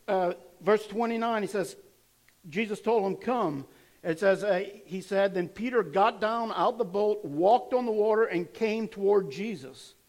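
A man preaching a sermon, retelling scripture dramatically and swinging between loud emphasis and quiet intensity. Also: sits high. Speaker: pastor.

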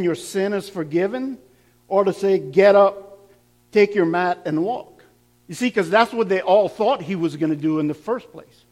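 A man preaching a sermon, laughing now and then and building up to emphatic, repeated lines. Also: high-pitched.

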